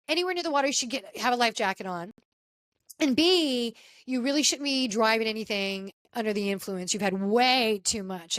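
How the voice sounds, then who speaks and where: A woman hosting a casual podcast, telling a story with lively acted-out quotes from the people in it. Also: no echo. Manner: animated storyteller, acts out quotes with pitch jumps. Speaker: podcast host. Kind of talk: casual chat recapping a reality show.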